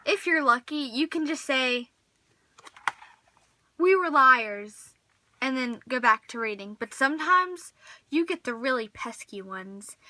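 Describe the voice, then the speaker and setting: A woman's voice: high voice, bright, forceful tone, no room sound. A young woman in her teens vlogging a comedic monologue, dramatic and exasperated, acting out little scenes.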